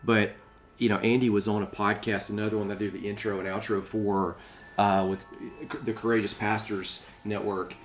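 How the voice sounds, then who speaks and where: A man's voice: on the low side, little pitch movement, normal speed, slight background noise. A man hosting a podcast in casual chat, rambling and restarting his sentences, often laughing along with his guest. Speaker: podcast host.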